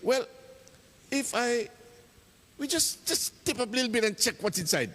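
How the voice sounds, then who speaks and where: A man's voice: extremely high pitch, expressive, normal speed, a bit bright, big-room sound, pitched above the performer's own voice, full character voice. A man voicing Tabale, a curious boy who pleads shakily for forgiveness. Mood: coaxing.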